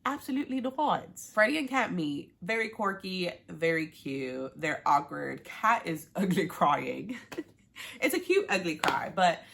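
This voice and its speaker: A woman's voice: on the low side, very animated, unhurried, gravelly, a bit bright. A young woman recapping a reality show in a blunt, sassy, profane way, with Spanish as her first language. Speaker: TV show reviewer. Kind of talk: casual recap vlog.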